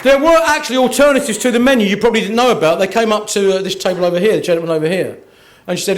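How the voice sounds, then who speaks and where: A man's voice: high-pitched, racing, hardly any pauses. A man from Kent doing a cheeky, self-mocking stand-up routine at an awards dinner in a hotel function room. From Kent, England. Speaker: after-dinner comedian.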